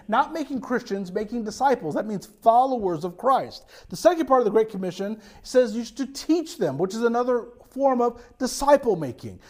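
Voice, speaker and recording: A pastor giving an animated sermon to his congregation, with frequent restarts and quick asides. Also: extremely high pitch.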